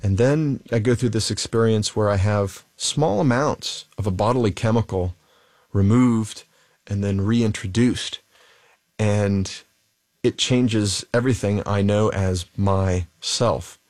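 A man giving a halting, thoughtful personal account as an interview guest. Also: lowish voice, a little mellow, dry recording, studio quality. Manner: halting, thoughtful, many fillers. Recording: guitar music underneath.

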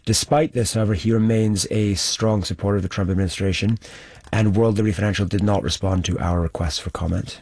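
A male documentary journalist explaining his findings in a panel discussion, measured and steady, with some fillers. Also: lowish voice.

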